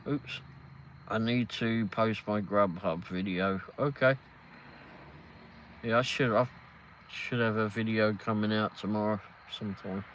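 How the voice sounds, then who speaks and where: With a lowish, a bit bright voice and fairly even intonation, this man speaks at a measured pace with long pauses, on poor audio with slight hiss or hum. An English-accented host in his fifties, he runs a casual live stream, rambling, reading chat aloud and laughing often.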